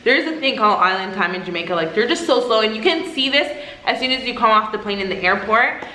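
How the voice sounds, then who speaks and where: A young woman talking in a casual vlog, animated and exasperated, with laughing asides. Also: mid-range voice, fast. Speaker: vlogger. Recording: echoey room.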